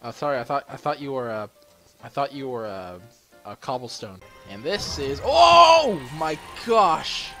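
A man giving excitable commentary while playing a game, exclaiming and laughing often. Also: medium pitch, normal speed, faint music behind. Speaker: gaming channel host.

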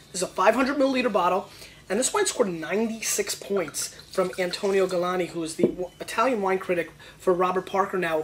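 Excitable man hosting a wine show. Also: high voice, a little hiss or hum. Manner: excitable, playful and slangy, riffs on flavors. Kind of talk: casual wine tasting review.

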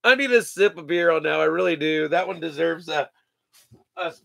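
A man's voice: a little high, moderate pace, vocal fry, fairly bright tone, no echo. A man hosting a live sports card break, joking, laughing and rattling off player names as he opens packs. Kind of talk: casual live card-opening chat.

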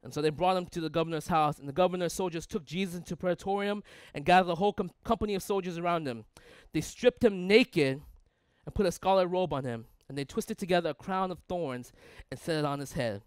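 A man's voice: high-pitched, brisk, clear, resonant tone, dry recording, clean studio sound. A male pastor preaching a sermon in a conversational way, asking his listeners rhetorical questions and building long emphatic lists.

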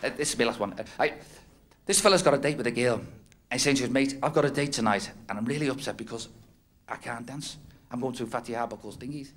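A man with a medium-pitched voice and a fast delivery performs stand-up in a club, a rambling, self-mocking act from a North West England comedian who regularly laughs at his own jokes. The noisy old recording carries audience laughter.

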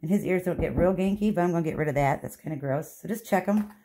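A woman's voice: lowish voice, fast talker, mellow. Chatty woman groomer in an echoey room. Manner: chatty, reassuring, talks to the dog while explaining. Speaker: dog groomer. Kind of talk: hands-on grooming tutorial. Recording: echoey room with faint background noise.

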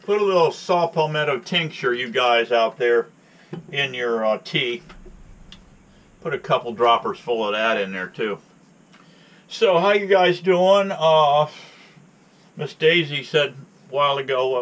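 A man's voice: medium pitch, animated, unhurried, pauses often, fairly bright tone. A man hosting his own channel, telling a long joking story to his viewers with a folksy, chatty manner. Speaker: channel host. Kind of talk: rambling storytelling to camera.

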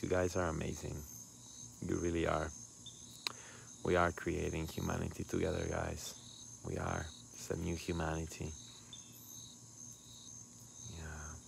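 A man giving a soft, intimate, heartfelt sign-off to his livestream, mixing in words. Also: sits low, creaky, a little hiss or hum. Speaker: spiritual livestream host.

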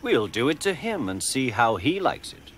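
A man's voice: medium pitch, very animated, normal speed, lightly acted, rough recording. A man voicing three proud, indignant big engines in a storybook reading, hissing with resentment. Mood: resentful.

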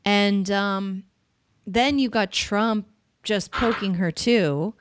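A woman's voice: mid-range voice, takes it slowly, a little hiss or hum. A woman hosting a podcast, giving blunt, opinionated views in casual political chat. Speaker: podcast host.

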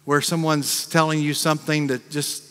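A man with an American accent, a pastor preaching a sermon in a conversational way, acting out quick reactions and repeating words. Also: a little high, little pitch movement, a bit bright. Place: church sanctuary. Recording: long reverb of a large church.

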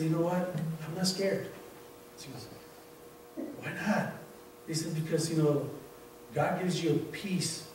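A man giving an informal sermon as a church elder, telling a story from work with many halting restarts. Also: a little high, a little mellow, recorded from a distance. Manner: repetitive, halting restarts, conversational. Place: church sanctuary. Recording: very echoey room, voice off-mic, faint noise.

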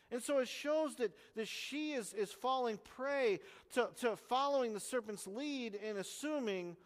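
A man with a notably high speaking voice preaches an expository sermon, earnest and explanatory, pressing hard on key words. His voice carries a long reverb from a church sanctuary. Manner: earnest, explanatory teaching with strong emphasis. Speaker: pastor.

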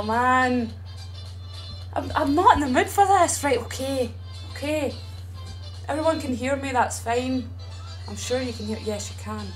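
A young woman talks straight to her stream audience in a high, bright voice, unhurried and chatty, cursing without a second thought. She sits at her home setup, speaking into a streaming microphone with faint music underneath. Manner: chatty, blunt, swears freely. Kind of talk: casual live-stream chat.

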